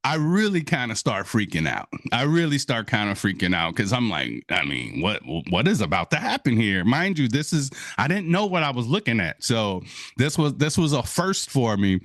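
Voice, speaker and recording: A man from Wisconsin giving an inspirational talk as a guest speaker, telling his story with lively energy and acting out his own surprise, calling the audience folks and y'all. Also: mid-range voice, normal speed, dry recording, studio quality. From Wisconsin, USA.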